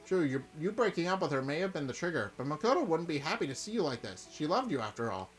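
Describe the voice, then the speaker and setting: A man voicing a calm, consoling young female student council president from a game. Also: fairly high pitch, quick pace, soft background music. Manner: consoling, steady.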